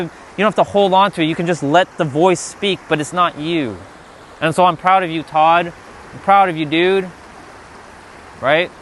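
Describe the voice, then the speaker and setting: A man's voice: fairly high pitch, fairly bright tone, a little hiss or hum. A man giving an emphatic, profane spiritual pep talk on a live stream, answering chat outdoors by the water. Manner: emphatic and profane, repeats "right?".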